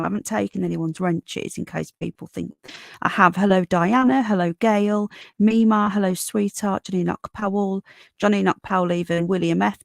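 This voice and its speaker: A tired woman with a Northern English accent hosts a casual livestream, reading the chat and greeting viewers by name while calling them darling and sweetheart. Her voice is medium-pitched and creaky. The recording is dry and clean, with a studio sound.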